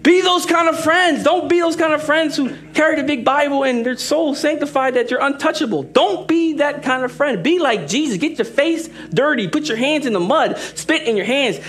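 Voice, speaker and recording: A young man preaching a sermon as an assistant pastor, lively and joking, speeding up for asides and slowing down for emphasis. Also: very high-pitched. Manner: lively, joking, shifts between fast asides and slow emphatic lines.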